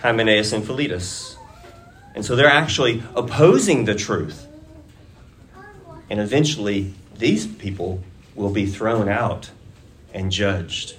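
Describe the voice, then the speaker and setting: A man preaching a sermon to a congregation, deliberate and measured, rising to emphatic urging at key points. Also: lowish voice, expressive, a bit bright. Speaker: pastor.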